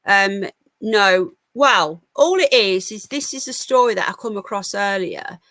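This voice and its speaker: A woman's voice: medium pitch, lively intonation, a little slow, pushed and bright, dry recording. A tired woman from the UK hosting a casual live news stream, giving blunt opinions and reading out chat comments. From United Kingdom. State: tired, yawning. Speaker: livestream news host.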